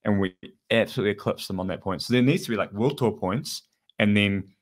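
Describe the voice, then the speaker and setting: Male co-host, low voice, loose rambling chat full of "like". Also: quick pace. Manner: rambling, many fillers and restarts. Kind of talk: casual podcast chat.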